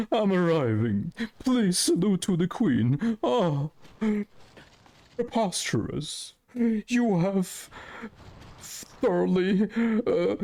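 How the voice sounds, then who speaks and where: A man voicing a pompous, prim British gentleman in a put-on posh British accent and a high falsetto, with haughty mock-refined exclamations. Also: creaky, full character voice.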